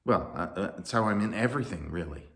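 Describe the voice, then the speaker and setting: A man voicing God as a patient, gentle figure who speaks quietly and unhurriedly in a children's story. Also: low-pitched, expressive, fast. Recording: roomy echo.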